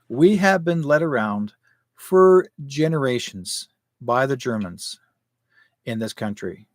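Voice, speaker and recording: A man's voice: mid-range voice, no room sound. A man in his sixties hosting a live commentary show, rambling and conspiratorial, firing off rhetorical questions. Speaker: show host.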